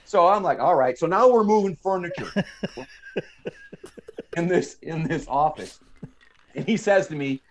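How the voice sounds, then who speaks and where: Animated American man telling a story. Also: on the high side, measured pace, pauses often, a little hiss or hum. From United States. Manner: animated storyteller acting out quoted voices. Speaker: podcast guest. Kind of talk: casual storytelling. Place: podcast studio.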